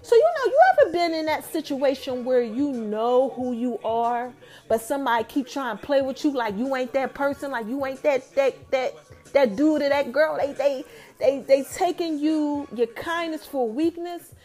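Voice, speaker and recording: A young adult woman casually recapping a TV episode, telling it in an animated way and talking straight to her viewers. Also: high voice, moderate pace.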